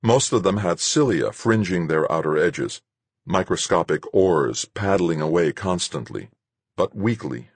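A man reading an audiobook in a measured, even way. His voice is very low and a little husky. The recording is dry and close, with no room sound. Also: dry recording. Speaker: narrator. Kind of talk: audiobook narration.

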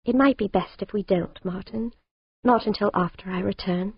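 A woman's voice: mid-range voice, moderate pace, vocal fry, husky, no room sound. A woman reading an audiobook, voicing a distressed young woman who pleads and breaks off mid-sentence, on a dull, dry recording. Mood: tearful.

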